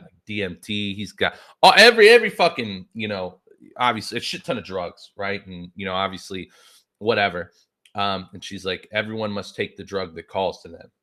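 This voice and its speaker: A man's voice: low voice, bright, forceful tone. A man on a podcast casually telling a long story, swearing freely and rambling with lots of filler words. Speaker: podcast host.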